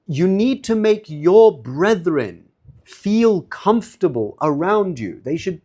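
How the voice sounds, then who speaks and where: A man with a slightly high, darkish voice gives an informal religious lecture, talking straight to his listeners in a conversational way. He often repeats and restarts words as he speaks.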